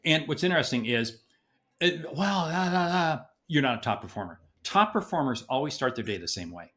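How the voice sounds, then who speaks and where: An older man being interviewed as a sales expert on a podcast, talking in an emphatic, animated way and repeating words for stress. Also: mid-range voice, fairly quick.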